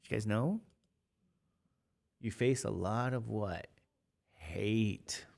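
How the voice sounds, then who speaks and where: A man's voice: fairly low pitch, extremely slow, creaky, darkish tone, a little hiss or hum. A man in his fifties, a math teacher talking casually and rambling to his class between examples. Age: 50s. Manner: chatty, rambling, jokey asides to students.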